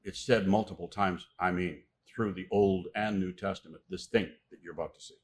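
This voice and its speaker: A man preaching a sermon, reading scripture aloud and pressing key words with loud, emphatic stress. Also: sits low, fairly even intonation. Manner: reads scripture aloud with pauses.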